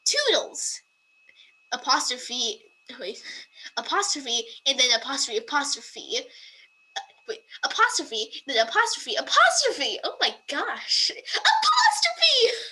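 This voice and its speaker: A woman vlogger reading a book excerpt aloud to voice typing, slow and deliberate, breaking off for amused asides. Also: high voice, sing-song, sharp tone, low-quality recording.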